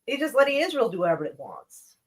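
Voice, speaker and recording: A woman's voice: on the high side, sing-song, fast, breathy edge. Sarcastic, swearing woman commentating on news. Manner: profane and sarcastic, laughs often; reads articles aloud then reacts. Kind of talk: casual live-stream news commentary.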